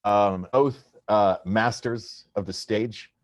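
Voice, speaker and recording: A man with a somewhat low voice co-hosts a podcast in casual chat. He jokes in a wry, unhurried way. The recording is close and dry. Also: no room sound. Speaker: podcast co-host.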